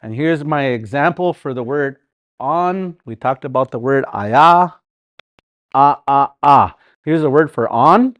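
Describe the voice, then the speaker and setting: A middle-aged man leads a language class, speaking slowly with a lively, rising-and-falling pitch. He repeats each word several times and breaks into chanted song lines and laughter. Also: no echo, highs cut off. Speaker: language teacher.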